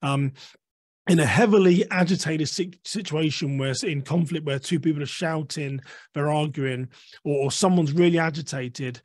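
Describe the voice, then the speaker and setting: Measured man guest explaining, dry close sound. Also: on the high side, no echo. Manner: measured, explains with acted-out example phrases. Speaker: author and guest. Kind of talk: conversational interview explanation.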